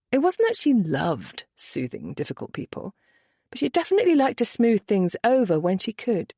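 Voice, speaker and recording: A woman narrating a romance novel audiobook with an expressive storytelling lilt. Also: mid-range voice, moderate pace, vocal fry, husky, no room sound, clean studio sound.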